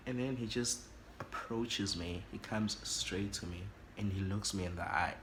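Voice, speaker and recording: South african guy doing a storytime vlog, dramatic and animated, faint hiss behind. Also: on the low side, moderate pace. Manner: animated and dramatic, switches languages. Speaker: YouTuber.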